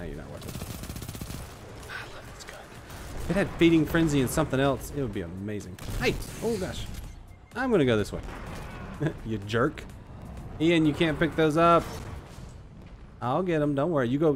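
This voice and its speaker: A man giving live commentary while playing an online shooter, excitable and joking, trash-talking his opponents. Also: mid-range voice, fairly quick, pauses often. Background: faint background music.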